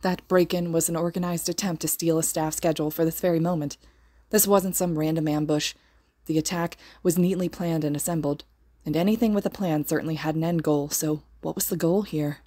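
Woman narrating fan fiction, low mellow voice, dry close sound, steady storytelling. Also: brisk, no room sound. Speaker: podfic reader.

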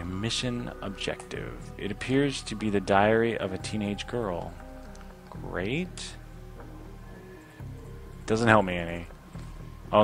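Young male let's-play host, low voice, sarcastic commentary over quiet game music. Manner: sarcastic, reads game dialogue aloud in a lightly raised voice. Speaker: gaming video host.

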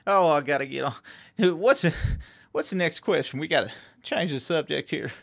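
Man doing a rambling hick fireworks king, bright pushy voice, twang, hard-sell bravado. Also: on the high side, normal speed, creaky. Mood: boastful. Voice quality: folksy, rambling, salesman bravado. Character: boastful small-town fireworks seller, pork-loving hick. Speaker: guest. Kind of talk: improvised comedy podcast character.

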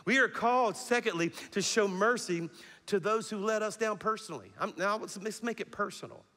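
A middle-aged man preaching a sermon as pastor, animated and calling on the congregation to respond. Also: high-pitched, brisk. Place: large church hall. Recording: long reverb of a large hall.

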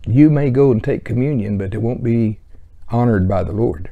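A man's voice: mid-range voice, expressive, fast, gravelly, dark tone. A man teaching verse by verse through a Bible book in a conversational way, with chuckling asides.

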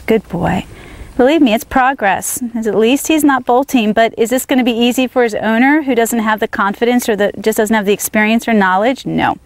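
With a medium-pitched voice, a female trainer works her horse in an outdoor riding demo. She offers short words of praise and firm encouragement to the animal as she talks viewers through it.

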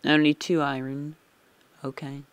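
A man's voice: on the high side, little pitch movement, moderate pace, clean tone, dry recording. A man giving rambling, chatty commentary while playing a game, easily startled. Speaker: let's play gamer. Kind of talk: casual gameplay commentary.

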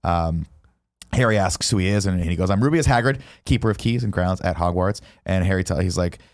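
A man's voice: low-pitched, fairly quick, dry recording, studio quality. A man co-hosting a podcast, recapping a film in a casual comedic rant with mock outrage and lots of swearing, acting out the characters' lines. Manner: animated, rants with mock outrage, acts out lines.

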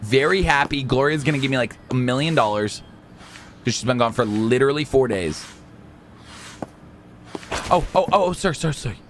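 A man hosting a let's play, joking and excitable, swinging from mumbles to shouts. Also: mid-range voice, a little fast, long pauses, a little hiss or hum. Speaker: gaming channel host.

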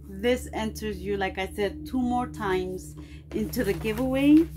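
A woman's voice: mid-range voice, measured pace, background noise. A middle-aged woman vlogger opening packages and gushing her thanks in casual unboxing chat.

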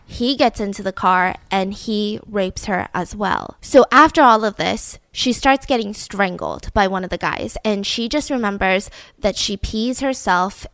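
A woman's voice: mid-range voice, fairly bright tone, dry recording. A young adult woman hosting a podcast, telling a true-crime case in a casual, chatty way with filler words and emphatic asides. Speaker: podcast host.

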